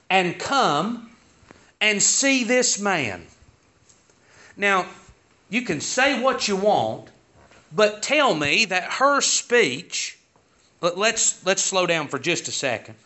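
A man preaches a sermon, his high voice swinging widely as he builds to emphatic peaks. He speaks slowly with a bright, forceful tone and leans on folksy rhetorical questions. The recording is dull and lo-fi. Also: sing-song.

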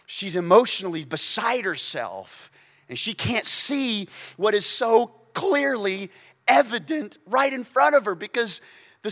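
This pastor's voice sits high as he preaches, alternating hushed, close moments with emphatic, booming stretches. Quotes get acted out, often with a playful aside tossed in.

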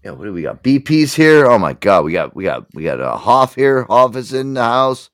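A man's voice: medium pitch, big pitch swings, moderate pace, dry recording, clean studio sound. A man hosting a casual show, rambling and swearing, with lots of "like" and "you know". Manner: rambling, profane, full of fillers. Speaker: show host. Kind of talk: casual radio-show chat.

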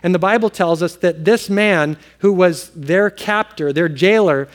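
Animated preaching man, fairly high voice. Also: a little slow. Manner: animated storytelling, swings from loud exclamations to hushed earnest tones. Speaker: pastor. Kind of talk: sermon.

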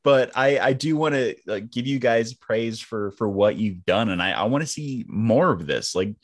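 A man hosting a casual podcast interview, enthusiastic, with halting restarts. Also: medium pitch, animated. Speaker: podcast host.

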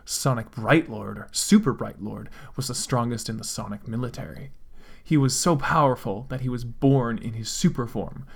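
A man's voice: medium pitch, creaky. Man doing a dramatic comic reading. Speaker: comedic fanfic reader. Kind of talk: dramatic reading with wry asides.

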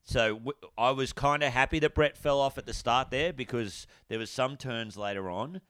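A man's voice: medium pitch, moderate pace, a bit bright, smooth, no echo, studio quality. An Australian man in a casual chat, laughing often and encouraging his mate. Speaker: podcast co-host.

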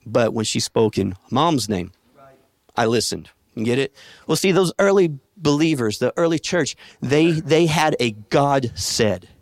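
A man's voice: mid-range voice, lively intonation, moderate pace, no echo, studio quality. A man preaching a sermon to a congregation, talking in a conversational way, telling stories and asking the room questions. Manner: conversational, storytelling, asks the congregation. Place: church sanctuary with a congregation.

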